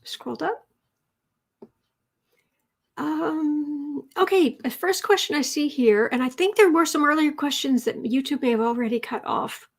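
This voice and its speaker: A woman with a somewhat high voice hosts a tarot live stream in a loose, chatty way. She rambles, corrects herself mid-sentence and drifts into quiet muttering as she reads the chat. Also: a little slow. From Chicago area. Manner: chatty and rambling, with frequent fillers and self-corrections; drops into soft muttering while scrolling the chat.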